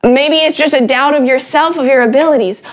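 A woman's voice: high voice, brisk. A woman in a casual faith discussion, speaking in an encouraging, exhorting way.

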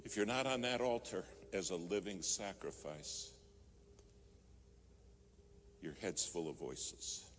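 A man's voice: low-pitched, lively intonation, moderate pace, slight background noise. A man preaching a sermon, telling a story and rising to fervent emphasis. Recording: music playing behind.

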